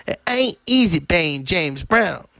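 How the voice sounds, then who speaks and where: A man putting on the voice of an aging male soul singer, with a high, strained, pleading drawl. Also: very animated, slow pace, creaky, bright, forceful tone, no echo, exaggerated voice.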